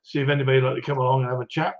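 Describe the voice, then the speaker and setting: A man's voice: medium pitch, flat delivery, very fast, slight background noise. A middle-aged man hosting a livestream, chatting casually and rambling through viewer greetings with lots of ums and chuckles. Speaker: livestream host. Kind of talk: casual live chat reading viewer comments. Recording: dull lo-fi stream audio.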